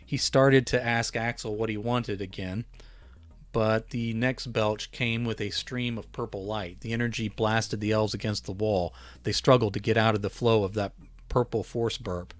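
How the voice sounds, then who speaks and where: Author reading his holiday story; low voice, dry close sound, unhurried with small restarts. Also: no echo. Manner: relaxed reading with small self-corrections.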